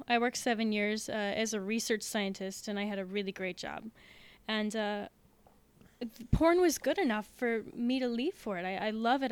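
A woman's voice: fairly high pitch, clear, resonant tone, dry recording. A woman guest on a podcast, speaking candidly in casual chat and laughing often.

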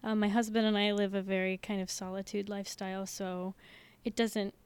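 A woman's voice: mid-range voice, flat delivery, fairly quick, clear, resonant tone, dry recording. A woman guest on a podcast, speaking candidly in casual chat and laughing often.

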